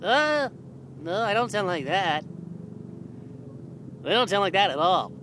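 A woman's voice: lowish voice, a little slow. A woman rambling playfully in a comic vlog, outdoors on a cold street, with traffic noise around her. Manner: playful, rambling deadpan comedy. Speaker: vlogger. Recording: noisy street recording with traffic.

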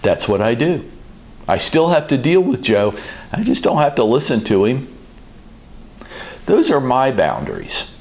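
A man hosting a business advice talk, speaking in a calm, measured and direct way. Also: mid-range voice, creaky. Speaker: host, business coach.

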